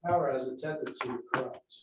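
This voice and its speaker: A man giving a measured public comment at a school board meeting, laying out facts and figures. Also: mid-range voice. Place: large meeting room. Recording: very echoey room, distant mic, faint noise.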